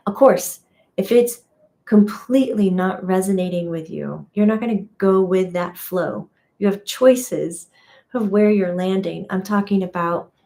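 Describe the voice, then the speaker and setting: Woman medium chatting on a livestream, mellow warm tone, laughs at herself a lot. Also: medium pitch, creaky. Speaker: intuitive teacher and medium. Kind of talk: casual spiritual teaching on a livestream.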